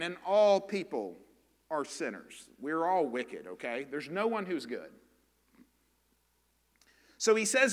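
Bright, high-voiced Southern preacher in a reverberant church. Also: male voice, big pitch swings, unhurried. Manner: earnest, emphatic preaching with rhetorical questions. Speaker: pastor. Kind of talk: sermon. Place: church sanctuary. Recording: long hall reverb in a church.

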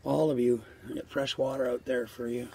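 A man's voice: medium pitch, little pitch movement, normal speed, creaky, darkish tone, breathy edge. An older man casually vlogging outdoors by a trailer near the woods, rambling and coaxing animals fondly, swearing now and then. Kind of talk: casual outdoor vlog narration.

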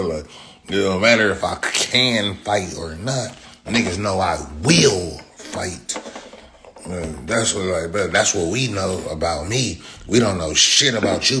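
A man's voice: low voice, pushed and bright, slight background noise. A young man in a profane, taunting rant, repeating his insults over and over. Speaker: social media commenter. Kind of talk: angry rant.

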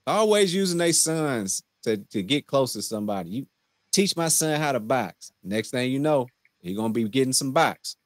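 A man's voice: medium pitch, animated, normal speed, no room sound. A young man co-hosting a casual TV recap chat, joking in laid-back banter and laughing often. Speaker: show co-host.

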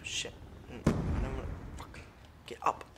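A gamer doing live gameplay commentary, ranting profanely at the match and bursting into excited yelling. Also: measured pace, very noisy. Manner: profane, frustrated ranting at the game.

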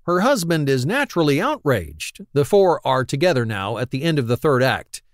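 A man's voice: mid-range voice, very animated, normal speed, dry recording, studio quality. A man narrating an audiobook in a wry, analytical reading. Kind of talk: scripted narration.

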